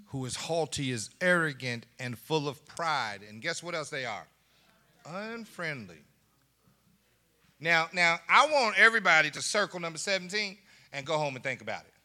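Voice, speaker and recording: Animated preaching man, bright and lively. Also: a little high, measured pace, long pauses. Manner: animated preaching, laughing asides, call and response. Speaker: pastor. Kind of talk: sermon.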